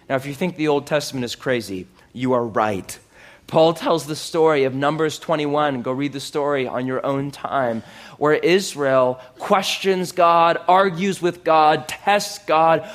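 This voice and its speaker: A man preaching a sermon in an animated way, with loud exclamations, hushed asides and sarcastic, self-mocking humor. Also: on the high side, unhurried. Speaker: pastor.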